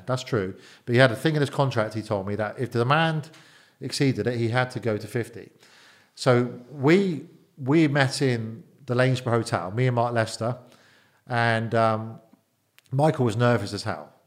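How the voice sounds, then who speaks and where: A middle-aged man, an interview guest and former bodyguard, telling stories in a casual, animated way, often repeating words and quoting others. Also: medium pitch. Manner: animated, repeats words, quotes people in dialogue. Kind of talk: casual storytelling.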